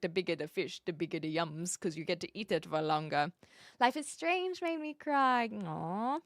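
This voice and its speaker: A young woman from New Zealand with a New Zealand accent, chatting casually on a live stream, reading out chat and filling pauses with ums and quick laughs. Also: on the high side, a bit bright, dry recording, studio quality. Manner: chatty, reads chat aloud, frequent fillers and quick laughs.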